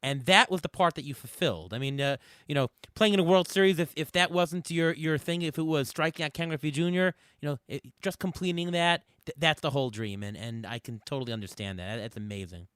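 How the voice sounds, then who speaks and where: A man hosting a podcast, reacting supportively in a halting way. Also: a little high, a bit bright, clean tone, dry recording, studio quality. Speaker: podcast host. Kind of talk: interview.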